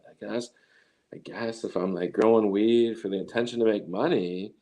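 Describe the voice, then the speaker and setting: A man's voice: on the low side, dark tone. Rambling man telling a story. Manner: rambling, with many restarts and quoted voices. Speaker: interview guest, cannabis grower. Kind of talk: casual storytelling.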